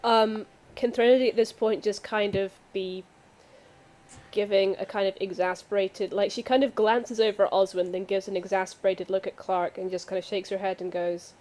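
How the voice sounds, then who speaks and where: A woman's voice: mid-range voice, steady tone, moderate pace, a little mellow. A woman playing a tabletop game over a voice call, describing her character's actions. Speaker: player.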